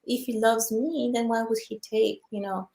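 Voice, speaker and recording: A woman's voice: fairly high pitch, steady tone, warm tone. Woman host in an echoey room. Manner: supportive listener, many small affirmations, halting when telling stories. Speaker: podcast host. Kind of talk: casual conversational chat.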